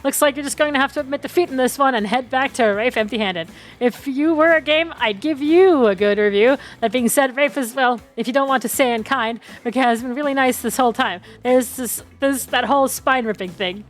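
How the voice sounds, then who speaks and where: A woman's voice: high-pitched, fairly quick, few pauses. A woman streamer chatting casually and sarcastically while playing a dating game.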